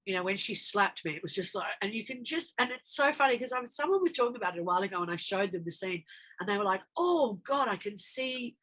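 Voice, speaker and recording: A guest actress in a relaxed interview talks fast in a bright, clear, medium-pitched voice with lively intonation. She animatedly tells stories, slipping into the lines she remembers.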